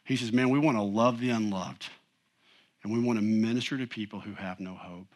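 A man's voice: lowish voice, fairly even intonation, fairly quick. Male pastor, 40s, conversational sermon delivery, emphatic, folksy asides. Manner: conversational, emphatic, frequent "you know".

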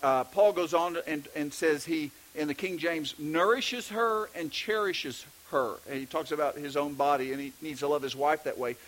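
Middle-aged Texan pastor, higher-pitched voice, easygoing preaching, often restarts sentences. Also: male voice, normal speed, few pauses, a bit bright, a little hiss or hum, rough recording. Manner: conversational preaching with frequent restarts. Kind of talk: sermon.

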